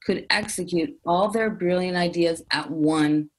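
A woman's voice: on the low side, measured pace. Candid woman in her fifties. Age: 50s. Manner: emphatic, with many fillers and repeated phrases. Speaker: interview guest. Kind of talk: candid personal storytelling interview.

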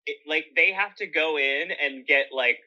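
A man with a very bright, forceful voice tells lively stories in a casual chat, breaking into laughter and playful asides. The sound is a little dull and lo-fi. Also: a little high, moderate pace. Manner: animated, laughs often, theatrical asides. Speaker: podcast guest.

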